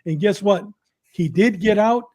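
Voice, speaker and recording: Animated, high-voiced man telling prison stories. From Southern California. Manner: quick, repetitive retelling with acted quotes. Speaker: podcast guest telling his story. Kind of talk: animated storytelling.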